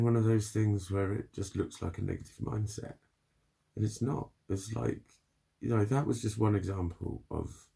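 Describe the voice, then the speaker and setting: A man with a very low, gravelly voice talks through a spoken video diary. His tone is dark and husky, and he rambles loosely, swearing freely as he goes. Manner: rambling, heavy swearing, frequent laughs. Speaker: vlogger.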